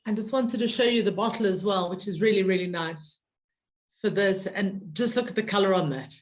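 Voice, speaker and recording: A woman's voice: mid-range voice, fairly quick. Chatty, upbeat woman co-hosting. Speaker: co-host. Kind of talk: casual chat.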